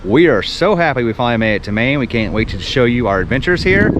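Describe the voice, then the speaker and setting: A man from Texas hosting a travel vlog, telling stories and giving advice in a casual, animated way. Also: medium pitch, quick pace, heavy background noise. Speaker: vlog host.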